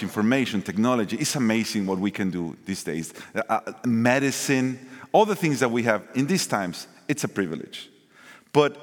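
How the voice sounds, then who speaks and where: A man preaching a sermon, shifting between loud emphasis and quiet asides. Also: mid-range voice. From Mexico. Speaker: pastor. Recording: long hall reverb.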